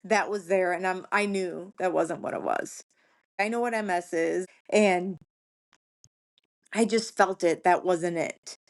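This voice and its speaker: A woman's voice: on the low side, steady tone, a little slow. Earnest woman telling her own story. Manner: earnest, plainspoken, repeats phrases for emphasis. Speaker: podcast guest. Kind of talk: recounting a personal story in conversation.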